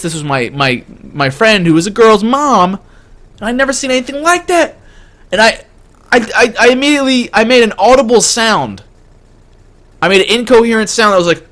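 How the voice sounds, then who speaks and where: A man tells a story on a live stream in a fairly high, lively voice that jumps around constantly. He stammers, restarts and fills every pause with "like" and "you know.". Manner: excitable, stammering, lots of fillers.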